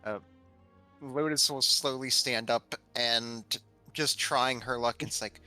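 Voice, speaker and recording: Male player, very bright tone, dry and quick. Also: mid-range voice, faint music behind. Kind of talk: playing a tabletop game.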